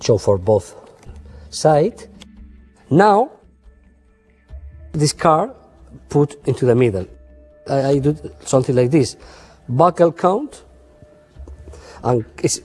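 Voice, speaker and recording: A man's voice: mid-range voice, dark tone, slightly rough. Male magician explaining sleights in plain broken English, faint music under him. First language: Spanish. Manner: simple, broken English with frequent "okay?" and "eh?" checks; playful, storytelling patter. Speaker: magician teaching card sleights. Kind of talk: instructional demonstration.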